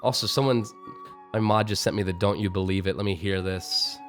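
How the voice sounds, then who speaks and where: His pitch is fairly low and his intonation fairly even as he speaks a little fast, a streamer and voice actor rambling casually about voice acting on a live stream. He jokes at his own expense and laughs in bursts, recorded on a streaming mic over soft background music.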